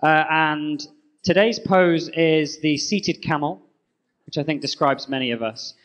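एक आदमी high-voiced, playful co-host. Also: male voice, measured pace, muffled recording. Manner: playful, deadpan jokes. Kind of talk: live conference roundup.

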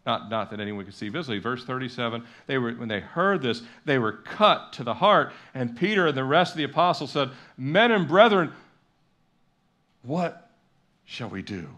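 A man's voice: mid-range voice, a little fast, hardly any pauses, pushed and bright. A middle-aged male pastor preaching a sermon in a church, talking conversationally with repetition and acted-out quotes. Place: church sanctuary.

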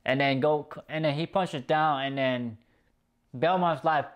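A man giving a casual, excitable episode review, swearing often and rambling through restarts. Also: fairly high pitch, a little slow, clean tone. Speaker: video reviewer.

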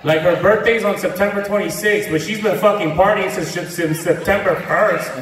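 Brash comedian on a live stage. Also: male voice, high voice, moderate pace. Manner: brash, profane, mixes Spanish slang into English. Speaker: stand-up comedian. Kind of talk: stand-up comedy set. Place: comedy club stage with a laughing crowd. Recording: far, echoey live hall with crowd.

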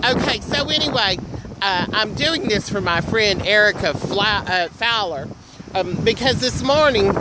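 A man tells a rambling story to a phone camera outdoors at a filling station, chatty and theatrical. He is cold and keeps clearing a frog in his throat. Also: high-pitched, moderate pace. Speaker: vlogger telling a story. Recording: loud wind noise on an outdoor mic.

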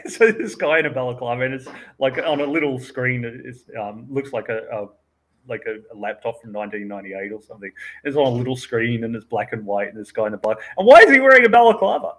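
A man's voice: mid-range voice, normal speed, a bit bright, poor audio. A man co-hosting a casual movie chat, telling the story with incredulous laughter.

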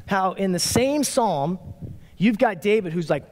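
A man in his forties, a pastor giving a casual, conversational sermon in an animated, playful way. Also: sits high, a little slow. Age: 40s. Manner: animated, playful, acts out quotes. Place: church sanctuary. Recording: long reverb of a large hall.

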